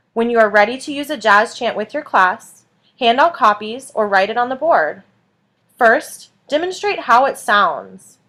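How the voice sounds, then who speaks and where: A woman explaining a classroom technique in scripted instructional narration, clear and measured. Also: a little high, fairly bright tone. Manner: clear, measured, stressing each word in the chants. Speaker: teacher.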